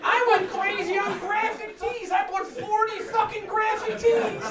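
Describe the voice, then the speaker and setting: A man doing a stand-up comedy set, energetic and profane with loud, punchy outbursts. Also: extremely high pitch, unhurried, over a noisy crowd. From United States. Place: New York apartment with live audience. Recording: echoey room, mic at distance, audience laughter.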